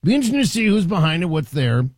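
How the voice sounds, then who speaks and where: A man's voice: high voice, very animated, rapid-fire, a little mellow, slightly rough, no room sound. A middle-aged man hosting a talk radio show, delivering an opinionated, sarcastic monologue in a conversational way.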